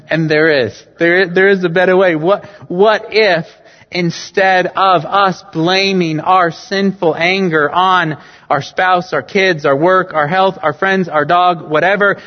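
A male pastor preaching a sermon earnestly, swinging between loud emphatic lines and quiet low ones. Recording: dull sound with long church reverb.

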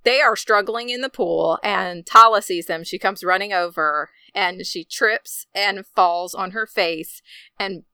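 Bright, animated woman recapping a film. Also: medium pitch, clear, resonant tone, no room sound. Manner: animated, quick storytelling with laughs. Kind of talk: casual chat recapping a film.

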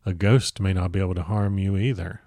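A man voicing a soft-spoken menacing vampire. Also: low-pitched, steady tone, brisk, no echo, studio quality. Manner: speaks very softly, almost whispering. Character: vampire young man, intense and quietly menacing.

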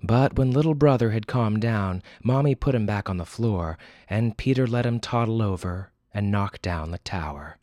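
A man's voice: lowish voice, moderate pace, hardly any pauses, mellow, dry recording, clean studio sound. A man hosting a fiction podcast who reads a dramatic story aloud expressively, then adds wry casual asides. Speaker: podcast host and story narrator.

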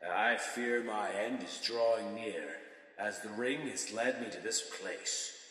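A man's voice: fairly low pitch, takes it slowly, a bit bright. A man voicing an ancient, powerful male guardian of the universe in a storybook reading, speaking in grand, solemn proclamations through an echoing reverb. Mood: commanding. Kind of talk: storybook narration. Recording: echoey reverb with long hall tail.

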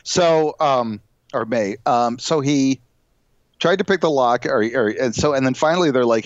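A man's voice: mid-range voice, normal speed, dry recording, muffled recording. A middle-aged man co-hosting a podcast, reading a news story aloud in a rambling, laughing, casual way. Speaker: podcast co-host.

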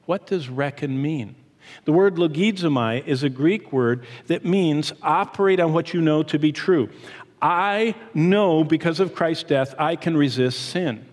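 A middle-aged man preaching a sermon as pastor, animated, shifting his pace and emphasis as he teaches. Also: a little high, unhurried. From Michigan, USA. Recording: long hall reverb.

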